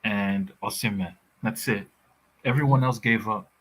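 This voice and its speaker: A man's voice: on the low side, unhurried, a bit bright, slightly rough, rough recording. A man in a casual football chat, blunt and heated, swearing freely. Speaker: football pundit.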